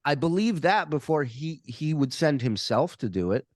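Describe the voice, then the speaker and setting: Animated, profane male storyteller. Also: on the high side, normal speed, dry recording, clean studio sound. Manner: animated, profane, repeats words when restarting. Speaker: guest, comedian and podcaster. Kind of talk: casual storytelling.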